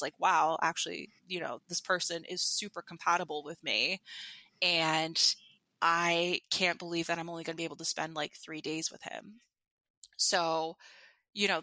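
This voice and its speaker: A woman's voice: lowish voice, sharp tone, no room sound. A young woman telling a personal dating story in a casual chat, full of fillers like "like" and "you know.". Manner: chatty, uses many fillers like "like" and "you know". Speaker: guest.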